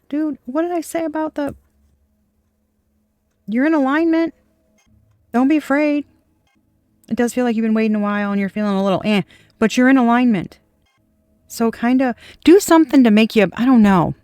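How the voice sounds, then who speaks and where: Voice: mid-range voice, no echo. Rambling casual tarot reader, dry sound. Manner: rambling, chatty, speaks to unseen viewers; casual swearing and soft laughs. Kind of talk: casual intuitive tarot reading.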